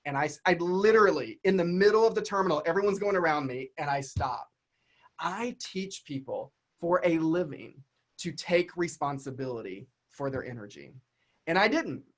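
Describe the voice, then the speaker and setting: Animated Southern man giving a keynote. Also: a little high, normal speed. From Southern United States. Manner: animated, chatty, addresses audience as y'all. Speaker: keynote speaker. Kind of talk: storytelling keynote talk.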